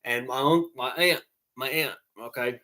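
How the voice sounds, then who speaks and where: A man's voice: medium pitch, unhurried, sharp tone. A man telling rambling casual stories and jokes to online friends, often tacking on "all right?" and laughing at his own tales.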